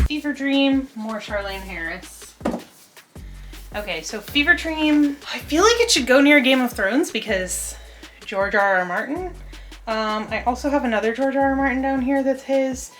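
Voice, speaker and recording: A woman's voice: fairly high pitch, animated, moderate pace, a bit bright. Chatty woman over background music. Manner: chatty, scattered, laughs often. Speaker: book vlogger. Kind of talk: casual chat while organizing. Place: home room with bookshelves. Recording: music playing underneath.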